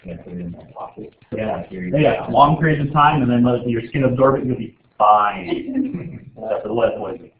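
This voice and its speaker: A man's voice: medium pitch, very animated, normal speed. A man teaching a chemistry class in a casual, joking way, rambling with lots of filler words. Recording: echoey room over a tinny, phone-like line.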